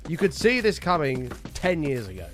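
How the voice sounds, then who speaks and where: A man's voice: on the high side, sing-song, normal speed. A British man chatting live to his stream viewers, ranting heatedly and swearing often. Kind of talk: casual live-stream chat.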